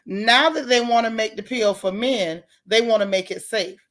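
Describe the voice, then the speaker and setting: A woman's voice: a little high, normal speed, a bit bright. A woman hosting a casual livestream, chatting with viewers by name and joking about the news in slang. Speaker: livestream host.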